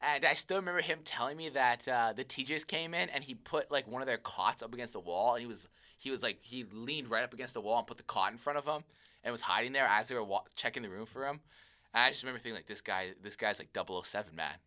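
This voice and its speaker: A young man co-hosting a casual chat podcast, telling stories in an animated way, swearing freely and acting out quotes. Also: mid-range voice, fast. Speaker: podcast co-host.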